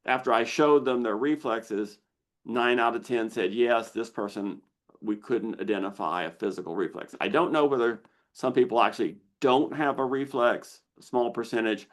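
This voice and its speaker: A man hosting a live online Q&A, explaining slowly and deliberately with pauses as he shares slides. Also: mid-range voice. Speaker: misophonia researcher hosting a Q&A.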